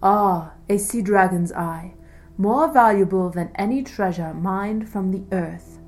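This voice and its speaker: A woman's voice: mid-range voice, unhurried, a little mellow, faint music behind, close to an everyday voice. Woman voicing a male captain, thin, articulate, smug, storybook.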